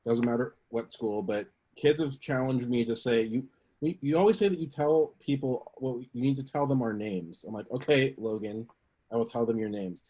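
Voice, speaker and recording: A man's voice: mid-range voice, moderate pace, dark tone. A man on a community panel, casually recounting an anecdote and acting out quotes in a lifted voice. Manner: chatty, acts out quotes with a lifted voice. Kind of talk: casual storytelling.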